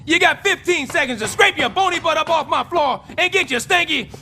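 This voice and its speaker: An actor playing a loud, wisecracking, scheming middle-aged building super in an animated sitcom. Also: male voice, fairly quick, slight background noise. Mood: blustering. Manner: loud, wisecracking, swings wildly in pitch.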